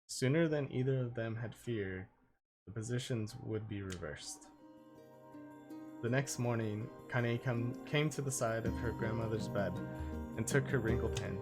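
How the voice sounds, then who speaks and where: A man's voice: mid-range voice, unhurried. A male streamer reading game story text aloud, stumbling over words and laughing at his own slips. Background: game music.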